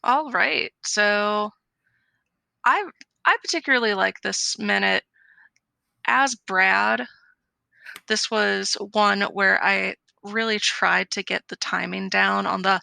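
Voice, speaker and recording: A woman's voice: medium pitch, slow pace, gravelly, sharp tone, dry recording. A woman co-hosting a casual podcast, chatting about a film scene by scene. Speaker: podcast co-host.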